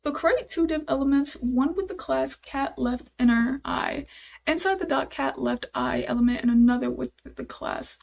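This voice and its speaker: A woman's voice: sits high, normal speed, vocal fry. A young woman live-streaming while she codes, thinking aloud, repeating herself, and talking to her chat in casual, easily exasperated chatter.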